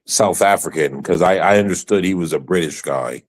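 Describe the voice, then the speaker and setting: A low-pitched man talking loosely in a podcast chat. He stumbles and restarts his sentences, then leans hard into his points. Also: moderate pace, poor audio. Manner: stammering restarts, emphatic. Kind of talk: casual podcast banter.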